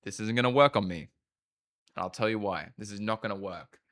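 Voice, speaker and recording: A man's voice: lowish voice, fairly bright tone. A man with an Australian accent chatting casually as a livestreamer, rambling and swearing freely. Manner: rambling, profane, quick asides. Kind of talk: casual stream chat.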